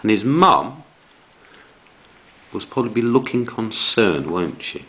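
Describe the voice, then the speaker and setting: A man teaching young children a writing lesson, reading examples aloud with slow dramatic emphasis. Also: on the low side, poor audio. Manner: slow, lively delivery with dramatic read-aloud. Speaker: primary school teacher.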